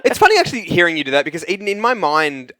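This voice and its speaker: A man's voice: high-pitched, huge pitch swings, rapid-fire, bright, forceful tone, dry recording. A man in casual podcast chat, reflectively explaining ideas with lots of "like"s. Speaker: game co-writer and podcast regular.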